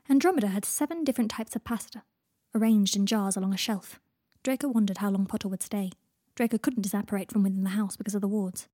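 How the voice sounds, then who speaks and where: A woman reads a story aloud, keeping a steady storytelling pace. Her voice is husky and breathy, and the recording sounds dry and close. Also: mid-range voice, fast talker, no echo. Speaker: narrator. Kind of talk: audiobook reading of fan fiction.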